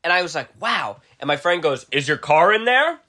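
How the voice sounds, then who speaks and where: A man's voice: a little high, moderate pace. A young man co-hosting a podcast, telling a story in casual chat and acting out the quotes, often laughing. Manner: animated, acts out quotes with laughter. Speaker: podcast co-host.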